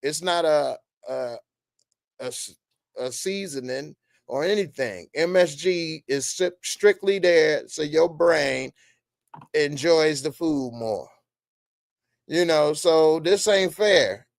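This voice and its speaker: A man's voice: fairly high pitch, slow, vocal fry, no room sound, studio quality. A middle-aged man hosting a casual show, riffing in loose slang and reading out viewer comments. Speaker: host.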